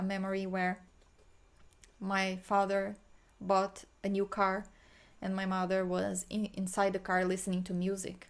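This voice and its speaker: A woman guiding a healing meditation, talking slowly and softly with sighs, sometimes chanting in an invented language. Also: mid-range voice. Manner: slow, soft, sighing, breaks into chanted light language. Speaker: spiritual healer.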